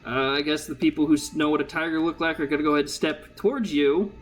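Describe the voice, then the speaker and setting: A man's voice: on the high side, steady tone, fast talker, soft background music, low-quality recording. A man narrating as game master of a streamed tabletop game, swearing casually and laughing often.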